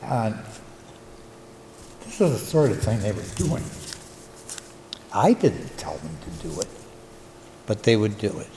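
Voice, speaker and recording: An older man, a local historian and retired teacher, gives a reflective conference talk, pausing with fillers as he tells stories. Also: fairly low pitch, sing-song, warm tone. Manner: reflective storyteller, halting with fillers. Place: conference hall. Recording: echoey hall, faint room noise.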